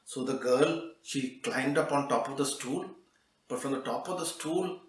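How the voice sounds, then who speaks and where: A man narrating a children's story in a relaxed, conversational way, with fillers and restarts. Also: medium pitch, unhurried, roomy sound, distant mic, rough recording.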